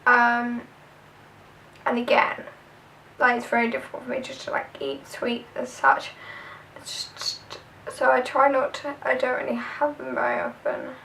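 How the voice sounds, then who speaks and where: A woman's voice: a little high, unhurried, vocal fry, bright, forceful tone, recorded from a distance, slight background noise, poor audio. A young woman with a southern English accent, chatting casually through a tag video with lots of fillers. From southern England. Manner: chatty, rambling, filler-heavy. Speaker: vlogger.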